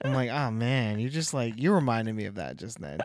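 A man's voice: mid-range voice, very animated, a little fast, no echo. A young man in casual podcast chat, teasing and joking with mock indignation.

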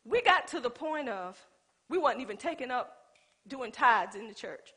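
A woman's voice: on the high side, animated, moderate pace, fairly bright tone, husky. A woman pastor preaching a sermon in a colloquial style. She calls out to the congregation and acts out little scenes from her own life.

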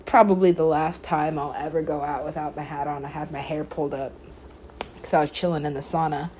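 A woman with a slightly low voice talks through a story on her own podcast. She rambles, leans hard on filler words, swears freely and laughs often as she goes. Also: steady tone, fairly quick, darkish tone, a little hiss or hum. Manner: laughs often while telling. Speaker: podcast host. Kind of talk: casual storytelling monologue.

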